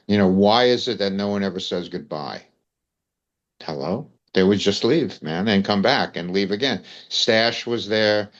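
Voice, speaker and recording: Here a US-born older man with a New York accent tells wandering stories in conversation as an interview guest, leaning on "you know" and "man." The pitch is fairly low and the sound is dull.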